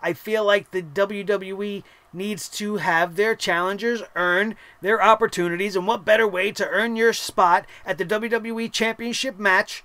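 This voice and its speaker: A young man with a high, smooth voice hosts a wrestling recap show. He talks in a casual, animated way, swearing freely and laughing at his own asides. The sound is dry and close. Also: normal speed, few pauses, no room sound.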